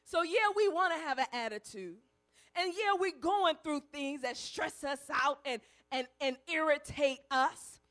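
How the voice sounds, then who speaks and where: A woman preaching a sermon, building to shouted climaxes and then dropping soft to tell stories. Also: sits high, measured pace.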